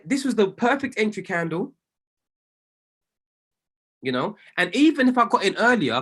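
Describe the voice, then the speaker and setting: A man, a trading coach talking casually through trades on screen, excitable and often correcting and apologizing to himself. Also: sits high, breathy edge. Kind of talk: casual commentary while reviewing trades on screen.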